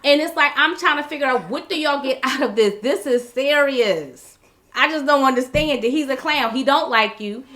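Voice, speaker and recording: Woman, vlog host, bright tone, slightly high pitch, blunt, exasperated, casual rants. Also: moderate pace. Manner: blunt, exasperated, many restarts and repeated words. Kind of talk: casual political commentary.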